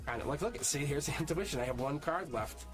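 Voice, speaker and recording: A man's voice: on the high side, expressive, fairly quick. A man hosting a live tarot reading stream, talking casually and upbeat to viewers in the chat and laughing often. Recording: music playing underneath. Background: music playing.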